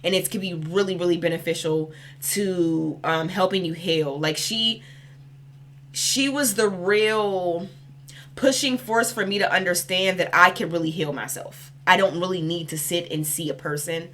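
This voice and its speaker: A woman's voice: lowish voice, unhurried, a bit bright, a little hiss or hum. A young woman giving a casual spiritual card reading, chatty and rambling, with a loose, cursing, heartfelt manner. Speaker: spiritual reader.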